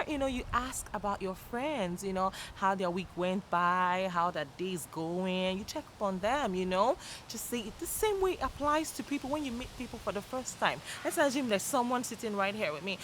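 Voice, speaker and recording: A woman's voice: animated, normal speed, few pauses. Upbeat chatty woman, traffic noise behind. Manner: chatty and upbeat, laughs often, jumps into loud high greetings. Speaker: motivational YouTuber. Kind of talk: motivational talk to camera.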